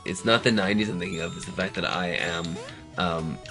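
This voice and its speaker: Man, rambling, jokey, casual gaming banter, bright forceful tone. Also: low-pitched, a little fast, gravelly, soft background music. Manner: rambling, joking, laughs a lot. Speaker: co-host of a gaming show.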